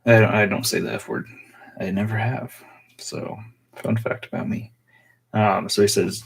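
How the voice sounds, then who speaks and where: Young guy vlogging a story, gravelly and kinda flat, lots of ums and likes. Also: on the low side. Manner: rambling, halting storytelling with many fillers. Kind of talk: casual storytelling vlog.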